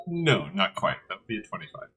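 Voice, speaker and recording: A man running a tabletop game as game master, playful and quick to laugh as he narrates. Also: fairly low pitch, very animated, sharp tone. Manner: giggly, playful, laughs often.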